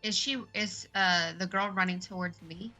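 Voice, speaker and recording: A woman's voice: lowish voice, moderate pace, pushed and bright, soft background music, poor audio. A woman joining a tabletop game as a new player, asking tentative questions about the scene. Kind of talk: casual tabletop play.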